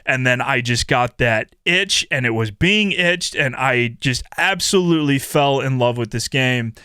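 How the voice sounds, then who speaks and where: A young man venting in a candid gaming vlog, animated and profane, swinging into loud mock-dramatic outbursts. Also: medium pitch, a little slow, smooth, no room sound, studio quality. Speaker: gaming YouTuber.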